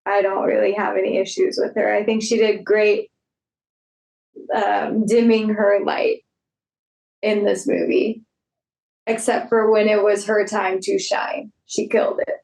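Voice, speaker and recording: A woman co-hosting a casual film podcast, speaking in a deliberate, assured way. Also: mid-range voice, level tone, gravelly, darkish tone, rough recording. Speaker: podcast co-host. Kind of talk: casual chat.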